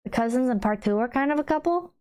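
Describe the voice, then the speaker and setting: Blunt, wry woman streamer, voice on the high side. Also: animated, quick pace, darkish tone. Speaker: streamer reading chat. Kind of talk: casual livestream chat.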